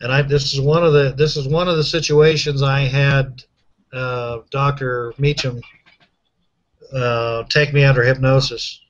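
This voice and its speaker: A man's voice: medium pitch, level tone, unhurried, muffled recording. A man hosting a casual conversation, telling a long story in a chatty, rambling way with frequent restarts.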